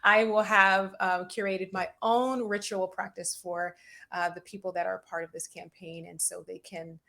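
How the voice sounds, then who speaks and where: A woman therapist speaking as a podcast guest, reflective and measured, with occasional light laughs. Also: on the low side, flat delivery, gravelly, bright, forceful tone. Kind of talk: interview conversation.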